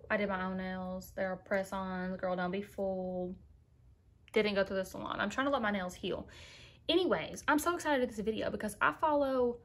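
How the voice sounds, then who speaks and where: A woman's voice: medium pitch, slight background noise. A young woman talking casually to viewers in a makeup tutorial, chatty and sassy, calling them girl. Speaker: beauty vlogger.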